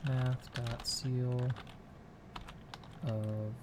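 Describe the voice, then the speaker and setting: A man's voice: medium pitch, slow pace, pauses often, heavy background noise. A man on a casual live stream, muttering code aloud to himself while he works and chatting with viewers from a home computer room.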